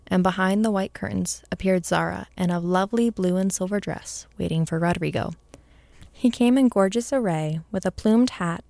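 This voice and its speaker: Brief: woman storybook narrator, measured and expressive, gravelly low voice, dry close mic. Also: dry recording.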